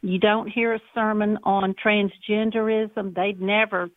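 A woman's voice: medium pitch, flat delivery, a little slow, no echo. A woman calling in to a Christian radio show and speaking earnestly about churches and pastors. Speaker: caller. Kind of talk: call-in radio comment. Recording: tinny phone line.

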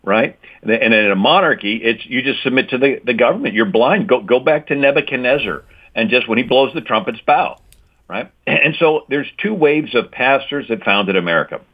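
A man's voice: mid-range voice, expressive, normal speed. A man giving an emphatic talk on church history, explaining points and checking in with "right?". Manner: lecturing, repeats key points with "right?". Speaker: guest speaker on Christian history. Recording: tinny phone-like line.

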